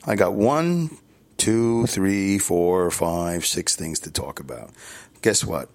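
A man's voice: low-pitched, lively intonation, measured pace. Rambling middle-aged New man. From New York City, Brooklyn. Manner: rambling, candid, frequent chuckles and self-corrections. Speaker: podcast host. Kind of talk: casual solo podcast monologue.

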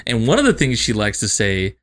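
A man's voice: on the low side, huge pitch swings, brisk, a bit bright. A young man co-hosting a podcast, telling loose, laughing stories about family with plenty of swearing. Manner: laughs often, swears, loose storytelling with acted quotes. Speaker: podcast co-host. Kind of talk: casual chat.

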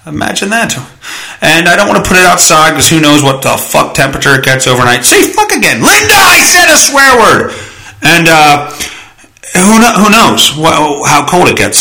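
A man talks through his own podcast in a loose, joking ramble, often swearing. His voice is bright and forward and sits a little high. The room around him has a noticeable echo. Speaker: podcast host. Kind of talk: casual solo podcast monologue.

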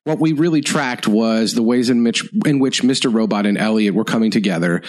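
A man's voice: fairly low pitch, a little fast. A man co-hosting a podcast, talking through his ideas thoughtfully and analytically, with some filler words. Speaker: podcast co-host. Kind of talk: casual podcast discussion.

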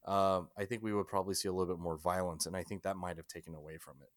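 A man's voice: deep voice, steady tone, racing, no room sound, studio quality. A man co-hosting a casual movie-review podcast, thinking aloud and often checking in with "right?". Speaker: podcast co-host.

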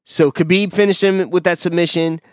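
A man's voice: sits high, steady tone, a little fast, no echo, clean studio sound. A man hosting a podcast, chatting casually and bluntly about fight picks over a video call. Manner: blunt, opinionated, talks through fighters' records. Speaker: podcast host. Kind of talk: casual fight-pick chat.

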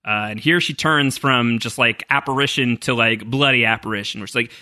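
Animated man with a bright voice. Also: medium pitch, no echo, clean studio sound. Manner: animated, quick, many fillers. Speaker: podcast host. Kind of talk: casual podcast chat.

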